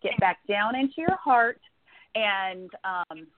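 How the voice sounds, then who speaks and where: A woman's voice: medium pitch, animated, slow pace, slight background noise. A woman giving a psychic reading to a caller, reassuring and affectionate, calling her honey and sweetheart. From northern United States. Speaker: psychic medium guest. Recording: tinny phone-line sound.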